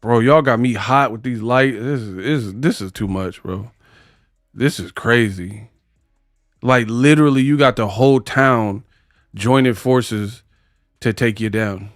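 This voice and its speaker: A man hosting a casual live stream, chatting with viewers in animated, slangy banter and often breaking into laughter. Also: mid-range voice, unhurried, dry recording, clean studio sound. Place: home set under hot lights.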